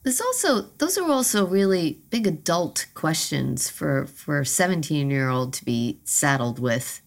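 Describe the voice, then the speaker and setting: A woman's voice: deep voice, sing-song, unhurried, gravelly. A woman interviewer, reflective, summing up what her guest has told her. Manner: reflective, sums up the guest's story. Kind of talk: conversational interview.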